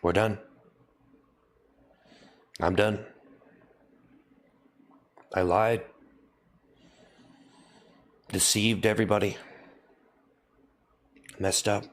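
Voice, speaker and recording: A man hosting a livestream, repeating a deadpan mock confession over and over. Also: fairly low pitch, drawn-out words, pauses often. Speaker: livestream host. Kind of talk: mock-solemn livestream apology.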